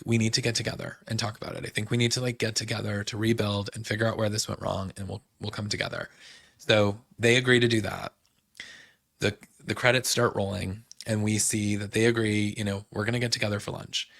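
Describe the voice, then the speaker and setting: Young guy recapping tv, low gravelly voice, dry close mic, says like a lot. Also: a bit bright, no echo. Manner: chatty, fillers like "like" and "um", quotes people. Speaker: podcast host. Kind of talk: casual recap chat.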